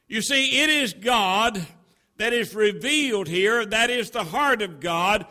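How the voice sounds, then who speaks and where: A man preaching a sermon, with a slow, emphatic pulpit cadence that builds to loud crescendos. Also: sits high, expressive.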